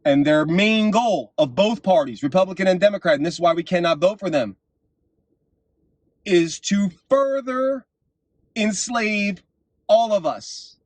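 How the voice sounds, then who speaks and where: A man hosting his own vlog, delivering an impassioned political monologue and telling stories, his voice swinging up to shouts at the climaxes. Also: high-pitched, measured pace, no echo. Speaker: vlog host.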